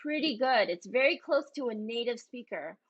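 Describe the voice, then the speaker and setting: Calm woman giving measured praise. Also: fairly high pitch, over loud music. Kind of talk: measured reaction commentary. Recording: dull lo-fi sound.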